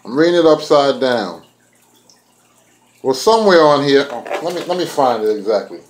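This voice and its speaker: A man's voice: medium pitch, big pitch swings, moderate pace, reverberant, slight background noise, low-quality recording. A man chatting casually to his viewers while he makes food in his kitchen, talking to them directly. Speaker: vlogger. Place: home kitchen.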